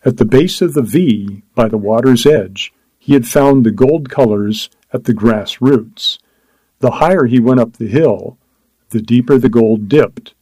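A man narrating a story as an audiobook, in a measured, steady reading. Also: mid-range voice, dry recording, poor audio.

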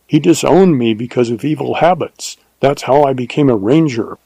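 A man's voice: mid-range voice, normal speed, creaky, mellow, breathy edge, no echo. A man doing a stern, cool-headed ranger. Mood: coaxing. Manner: firm, clipped commands.

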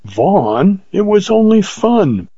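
A man's voice: very animated, slow pace, warm tone, slightly rough, no echo, dull audio, heavily acted. A man voicing a proud spirited young woman. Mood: defiant. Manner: raised, lilting pitch with a light tone.

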